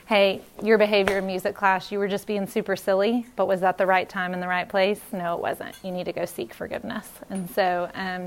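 A woman's voice: medium pitch, a little hiss or hum. A woman in her thirties giving a casual, earnest church talk on parenting, with many fillers and restarts.

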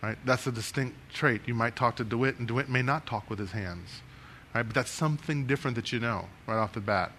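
A bright, forceful man gives a lively workshop talk to a room of listeners. He keeps moving and gestures while he speaks, throwing questions at the audience. A faint hiss sits under the voice. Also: medium pitch, fairly quick. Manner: animated, talks with his hands and moves around; asks the room many questions. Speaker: speaker giving a networking workshop. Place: meeting room before an audience.

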